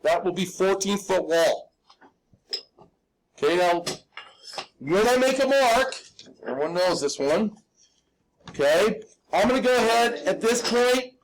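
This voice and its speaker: A man's voice: sits high, lively intonation, a little slow, long pauses, a little hiss or hum, rough recording. A man teaching a live hand-drawing class step by step, patient and reassuring, checking in with his students. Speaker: drafting instructor.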